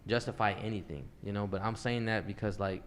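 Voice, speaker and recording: A man's voice: lowish voice, steady tone, a little fast, a little hiss or hum. A young man hosting a podcast, talking earnestly in a rambling way and swearing freely. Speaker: podcast host. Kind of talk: casual chat.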